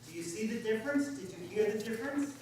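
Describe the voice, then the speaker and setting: A man's voice: high voice, animated, quick pace, darkish tone, a little hiss or hum. A male pastor giving an informal, conversational sermon, quizzing his congregation as he goes. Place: church sanctuary. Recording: echoey church from far off.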